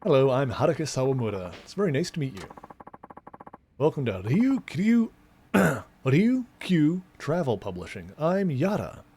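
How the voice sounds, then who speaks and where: A man's voice: mid-range voice, big pitch swings, measured pace, a little mellow, slight background noise. A man reading aloud the lines of a polite, upbeat adult woman magazine interviewer, in close to his own voice. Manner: reading game dialogue aloud, lightly polite.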